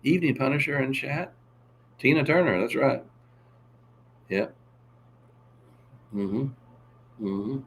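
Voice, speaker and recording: This livestream host talks slowly with a medium-pitched, expressive voice and pauses often. His casual stream wanders from topic to topic as he reads out viewer messages and attempts impressions.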